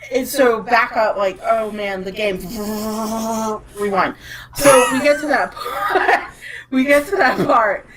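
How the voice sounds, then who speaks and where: A woman's voice: fairly high pitch, slow, noisy background. A woman in her thirties on a podcast, rambling through a story in a casual, chatty way with laughter. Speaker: podcast co-host. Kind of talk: casual chat.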